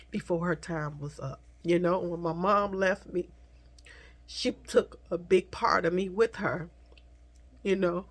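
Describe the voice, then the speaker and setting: A woman vlogger tearfully telling a personal story to her viewers, speaking softly and haltingly, at times dropping to a whisper. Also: on the low side. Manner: soft, halting, slips into whispers, addresses viewers as y'all.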